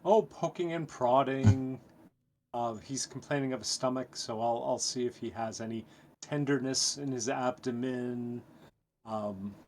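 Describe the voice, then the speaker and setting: A man's voice: mid-range voice, a little slow, a little mellow. Mid-voiced male tabletop player, blunt, clinical. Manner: matter-of-fact, blunt. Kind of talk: in-character tabletop play.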